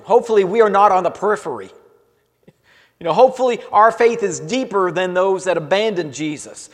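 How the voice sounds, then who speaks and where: Male pastor, high voice, earnest sermon, phrases trailing off softly, long reverb in a church hall.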